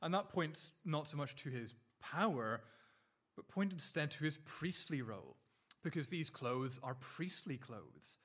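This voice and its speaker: A man preaching a sermon earnestly, repeating words and restarting phrases, and slowing down to linger on key lines. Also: on the high side, very animated, fairly bright tone, slightly rough.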